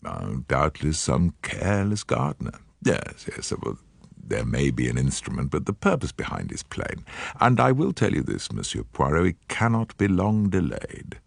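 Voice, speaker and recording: A man voicing a gloomy, fatalistic aging English gentleman in an audiobook, speaking slowly, heavily and with resignation. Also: extremely low pitch, big pitch swings, gravelly, no room sound, studio quality, pitched below the performer's own voice, full character voice. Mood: doom-laden. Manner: slow, heavy and resigned.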